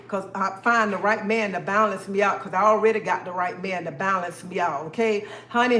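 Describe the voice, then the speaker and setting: A woman with a medium-pitched, fairly bright voice hosts a live stream from an echoey room. She speaks directly to her viewers in an emphatic, repetitive way, calling them honey and baby.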